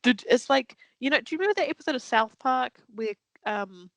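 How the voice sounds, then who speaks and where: A woman co-hosting a casual podcast chat, telling stories with animated flair, acting out what people said, and swearing freely. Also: high voice, a little fast, gravelly, dry recording, poor audio. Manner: animated storytelling, acts out quotes, swears freely. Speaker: podcast co-host.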